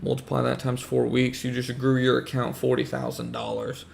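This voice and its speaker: A man hosting a casual livestream, hoarse as he loses his voice, rambling and repeating himself while greeting chat viewers. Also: mid-range voice, monotone, moderate pace, slight background noise. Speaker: livestream host talking trading.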